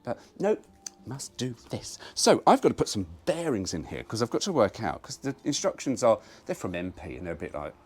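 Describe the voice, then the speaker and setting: A man's voice: fairly low pitch, sing-song, brisk, slightly rough. A man rambling through a casual car-repair vlog, self-mocking and swearing freely. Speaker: car restoration vlogger.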